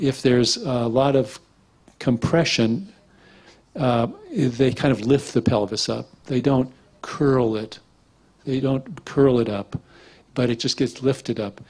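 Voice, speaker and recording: Relaxed rambling male bodywork lecturer. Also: medium pitch, breathy edge. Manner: relaxed, rambling, acts out quotes. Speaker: structural integration teacher. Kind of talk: casual lecture with anecdotes.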